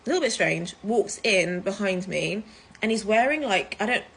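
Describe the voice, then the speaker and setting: A woman from the UK, telling a story to camera in a chatty, animated way, full of fillers. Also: mid-range voice, normal speed, gravelly, husky. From United Kingdom. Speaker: vlogger. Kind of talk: casual storytime vlog.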